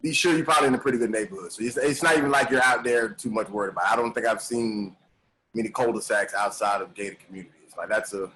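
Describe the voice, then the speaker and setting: A man's voice: on the low side, fast, bright, forceful tone, rough recording. A man hosting a casual podcast chat over a live stream, laid-back, with many fillers and restarts. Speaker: podcast host. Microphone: live stream call.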